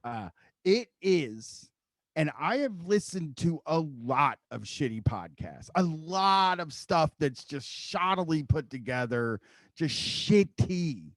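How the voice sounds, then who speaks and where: A man hosting a podcast, rambling and profane, riffing with an amused edge. His voice sits a little higher than most men's. The sound is dry and close. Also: big pitch swings, takes it slowly, no room sound. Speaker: podcast host. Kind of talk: casual chat.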